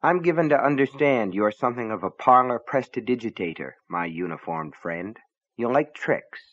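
A man voicing a sinister, smooth-talking male shopkeeper in low, comfortable tones. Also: animated, normal speed, fairly bright tone, no echo, lo-fi sound. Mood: menacing.

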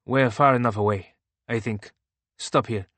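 A narrator reading Tachyon, a calm alien man. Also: medium pitch, a little slow, dry recording. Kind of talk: audiobook character reading.

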